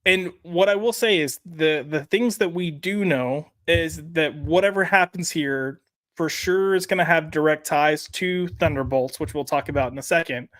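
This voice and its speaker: A man's voice: fairly high pitch, normal speed, fairly bright tone, dry recording. A man co-hosting a casual podcast, chatting in a rambling way with lots of fillers and reading out live chat comments. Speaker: podcast co-host.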